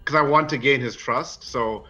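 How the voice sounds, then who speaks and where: A man's voice: medium pitch, normal speed, bright, forceful tone, highs cut off, faint music behind. A man playing a tabletop role-playing game, hesitant and self-deprecating. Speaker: player.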